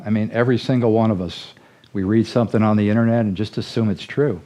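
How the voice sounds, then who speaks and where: Middle-aged male ministry leader; low, mellow storytelling voice, earnest and folksy. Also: fairly even intonation, quick pace. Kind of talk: storytelling sermon-style talk.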